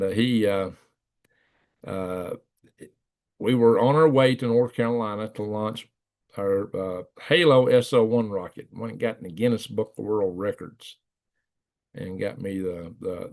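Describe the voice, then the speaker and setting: A man's voice: on the low side, gravelly. A middle-aged man, hosting a livestream, rambling casually and chuckling as he acts out the voices in his stories. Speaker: livestream host. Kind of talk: casual storytelling to live chat.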